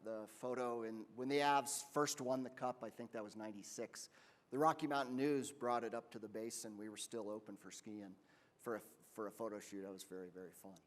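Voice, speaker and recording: A man's voice: on the low side, steady tone, a little fast. A man giving a friendly, conversational talk at a conference, with some stumbles. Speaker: ski area operations chief. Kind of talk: conference presentation. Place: conference hall. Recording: long reverb of a conference hall.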